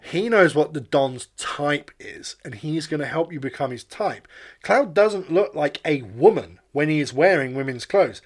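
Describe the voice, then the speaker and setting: A man's voice: fairly high pitch, lively intonation, unhurried. A man co-hosting a casual podcast chat, emphatic and sweary, tripping over repeated words when he gets going. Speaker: podcast co-host.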